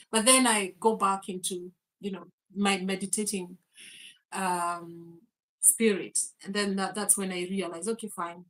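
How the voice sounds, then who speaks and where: A woman's voice: medium pitch, steady tone, measured pace, a bit bright, rough recording. A woman, hosting a faith and mindset livestream, laughing often and greeting viewers by name. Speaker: host.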